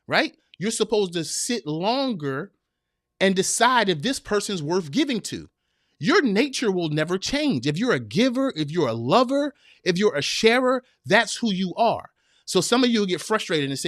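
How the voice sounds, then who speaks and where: A man's voice: sits high, very animated, normal speed, fairly bright tone, dry recording, clean studio sound. Preachy man giving advice. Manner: preachy, direct, repeats phrases for emphasis. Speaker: podcast host. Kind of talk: live-streamed advice talk.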